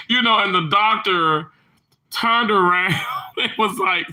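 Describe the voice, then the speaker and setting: Bright-voiced chatty man on a livestream. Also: high-pitched, slow pace. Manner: rambling and chatty, with many restarts and fillers; warmly greets viewers by name. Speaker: livestream host reading chat. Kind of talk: casual live chat.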